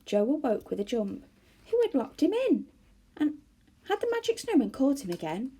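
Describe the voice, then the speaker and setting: Expressive woman reading a children's story. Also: high-pitched, normal speed. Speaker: storyteller for schoolchildren. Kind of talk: reading a children's novel aloud.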